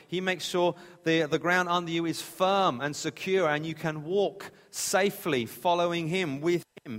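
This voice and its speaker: A man's voice: a little high, fairly bright tone. A man preaching a sermon in a plain, conversational way, sometimes restarting his phrases. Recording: reverberant hall.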